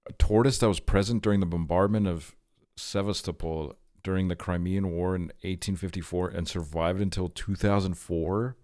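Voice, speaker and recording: A man's voice: low-pitched, steady tone, normal speed, darkish tone, no room sound, studio quality. A man streaming live, reading short items aloud and reacting to them with blunt, profane, offhand remarks.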